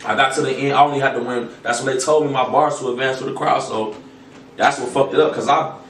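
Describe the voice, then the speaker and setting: Animated man telling stories in an echoey room. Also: medium pitch, fast talker. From Toledo, Ohio. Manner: animated, swears a lot, acts out quoted voices. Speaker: guest battle rapper. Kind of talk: casual podcast storytelling. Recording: echoey room, mic far off, faint noise.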